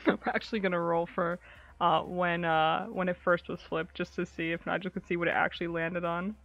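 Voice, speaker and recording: A woman's voice: fairly low pitch, level tone, a little fast, creaky, a bit bright, no echo, soft background music. A woman playing a tabletop role-playing game, chatting casually, teasing and laughing often. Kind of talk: casual role-play chat. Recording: dull lo-fi sound.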